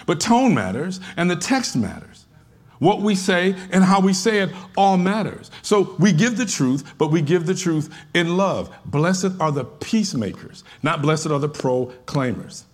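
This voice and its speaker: A man preaching a sermon in a slightly high voice. He talks conversationally, slips into the voices of churchgoers to make his point, and climbs at times into emphatic shouts. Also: lively intonation, unhurried. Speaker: pastor.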